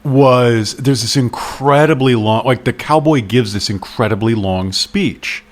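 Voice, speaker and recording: A man's voice: medium pitch, measured pace. A man co-hosting a casual book podcast, wry and self-deprecating as he picks apart a mystery novel. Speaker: podcast co-host.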